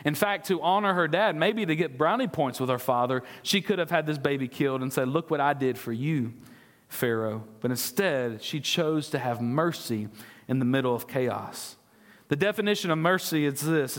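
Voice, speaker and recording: Pastor, male, earnest preacher with a fairly high voice, questioning his congregation, some stammered restarts, recorded in an echoey church hall. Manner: earnest, asks the congregation questions, stumbles and repeats words. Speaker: discipleship pastor. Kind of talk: sermon. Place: church sanctuary.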